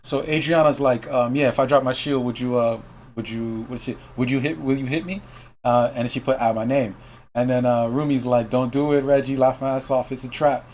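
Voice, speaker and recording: Male streamer, casual gaming story, laughs a lot, mid pitch, faint hiss behind. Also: steady tone, a little fast, a little mellow. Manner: laughs often, quotes chat messages. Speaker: host of a game news stream. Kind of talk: casual storytelling to call guests.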